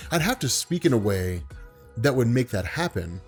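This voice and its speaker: A man vlogging in a relaxed, unhurried way, with a voice that carries and commands attention, spoken from the diaphragm. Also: medium pitch, faint music behind. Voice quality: carrying, commanding voice. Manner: calm, laid-back, unhurried; speaks from the diaphragm. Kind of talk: relaxed talk to camera.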